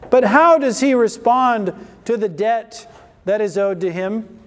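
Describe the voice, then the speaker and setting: A man with an unusually high voice delivers a sermon from the pulpit. He presses the congregation with question after question, climbing in emphasis. The sound rings with the long reverb of a church hall. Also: expressive, unhurried. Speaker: pastor.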